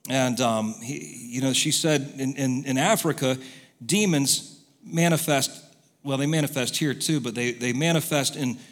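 A man preaching a sermon, telling stories and moving between quiet asides and loud exhortation. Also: medium pitch. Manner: storytelling, swings from soft to loud exhortation. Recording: long hall reverb.

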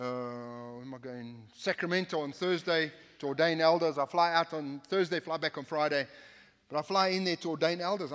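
Male pastor, sermon, emphatic and repetitive, slightly high voice, long church reverb. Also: fairly bright tone. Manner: emphatic, repetitive, with joking asides to the congregation. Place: church sanctuary, at the pulpit.

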